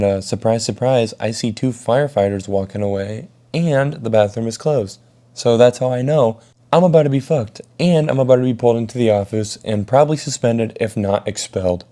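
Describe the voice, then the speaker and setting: A young man telling a school story in a casual, profane, animated way. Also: lowish voice. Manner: casual, swears a lot, animated retelling. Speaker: vlogger.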